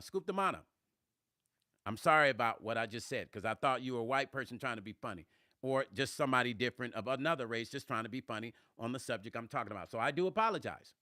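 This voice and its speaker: A man's voice: mid-range voice, pushed and bright, no room sound, studio quality. A man who is a musician, chatting on a live stream, answering viewers' comments in a blunt, emphatic way. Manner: emphatic, blunt, swears when riled. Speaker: musician and vlogger.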